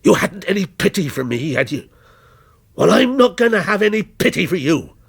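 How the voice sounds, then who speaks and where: A man voicing a menacing policeman who taunts slowly and coldly, in a spoken story reading. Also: high voice, very animated, vocal fry, breathy edge, voice pushed up, exaggerated voice. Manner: slow, cold, taunting. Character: menacing male policeman, a vengeful character come alive.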